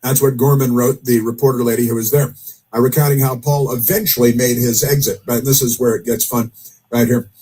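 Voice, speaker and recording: A man's voice: mid-range voice, steady tone, brisk, mellow, breathy edge, low-quality recording. A man hosting casual political commentary, rambling with many fillers and dry sarcastic asides. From United States.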